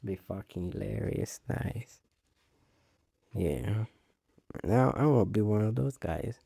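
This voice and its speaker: A man with a low, gravelly voice hosts a loose solo talk show at an unhurried pace. His tone is dark and mellow, and the sound is close and dry. He rambles, swears casually and laughs at his own jokes. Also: animated, no echo. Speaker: podcast host.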